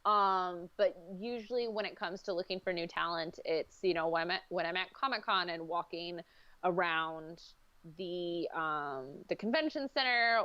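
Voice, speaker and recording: A woman with a lowish, slightly bright and clean-toned voice joins a video call as a guest, a comics editor in casual conversation. She speaks easily, filling her speech with fillers and frequent laughter, and the recording is dry and slightly dull.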